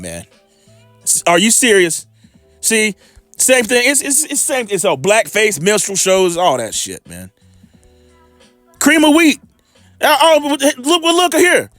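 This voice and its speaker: A man's voice: fairly high pitch, fairly bright tone, no echo. A man preaching informally on scripture, heated and profane, with rambling asides.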